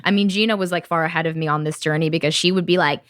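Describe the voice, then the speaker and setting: Woman podcast co-host, lower voice, dry close sound, casual and chatty. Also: fairly even intonation, racing, fairly bright tone, dry recording. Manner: chatty, full of "like", acts out her own inner voice. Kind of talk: casual chat.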